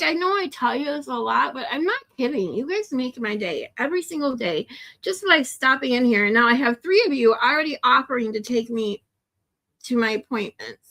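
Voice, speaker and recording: A woman's voice: sits high, lively intonation, normal speed, a bit bright. A woman chatting on her livestream with viewers, rambling, laughing often and turning tearful. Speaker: streamer. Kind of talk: casual livestream chat with viewers.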